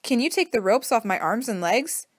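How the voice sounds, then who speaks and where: Storybook captive man, earnest and determined, read by a woman, a touch higher, dry. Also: big pitch swings, normal speed, slightly rough, no room sound. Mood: urgent.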